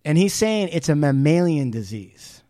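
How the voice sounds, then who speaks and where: Animated swearing man on a podcast. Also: on the high side, normal speed, dry recording, clean studio sound. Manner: animated retelling, swears freely, many restarts. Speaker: podcast co-host. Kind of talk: casual podcast chat.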